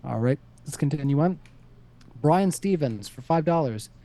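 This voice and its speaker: A man's voice: on the high side, animated, moderate pace, mellow. A man moderating a live stream, reading out paid chat messages on a close mic and laughing often. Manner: reads donations aloud, laughs often, chipper. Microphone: close desk mic.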